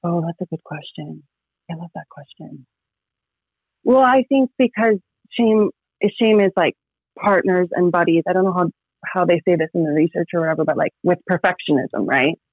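A woman's voice: lowish voice, moderate pace, no room sound. A woman in her thirties, a podcast guest telling personal stories in a rambling way, full of "like" fillers. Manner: rambling, heavy use of "like" fillers. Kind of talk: casual personal storytelling. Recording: tinny phone-like line, dry.

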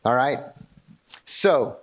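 A man's voice: mid-range voice, expressive, very slow, fairly bright tone. A pastor preaching a sermon in a conversational way, asking rhetorical questions and often checking in with his congregation.

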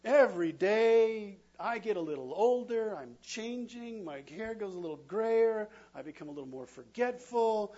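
A middle-aged man preaching a sermon, asking his congregation questions and pausing for them to answer, with emphatic delivery. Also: high-pitched, lively intonation, darkish tone, highs cut off. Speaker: pastor.

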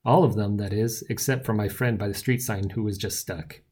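A man's voice: fairly low pitch, steady tone, fairly quick, a little mellow, breathy edge. Wry male audiobook narrator. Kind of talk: first-person audiobook narration.

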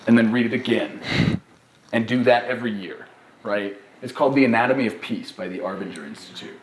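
A young man speaks in a casual live podcast chat and tells a personal story with animated energy. He keeps checking in with his listeners as he goes, and his voice rings in a roomy, echoing space. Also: mid-range voice, brisk, slight background noise. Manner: animated storytelling, many "right?" tags. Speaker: therapist and podcast co-host. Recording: roomy echo.

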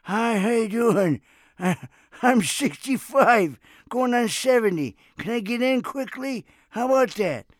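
A man voicing an eager older man trying to get to the front of a line, talking high and slow. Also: lively intonation, no room sound, clean studio sound, exaggerated voice. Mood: pleading.

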